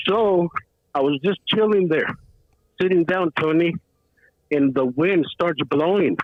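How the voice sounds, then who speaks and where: A man's voice: on the high side, a little slow, pauses often, dry recording. A man calling into a show, telling a story in a rambling, slangy way, saying bro a lot. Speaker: caller. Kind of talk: casual storytelling. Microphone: phone call. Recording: tinny phone line.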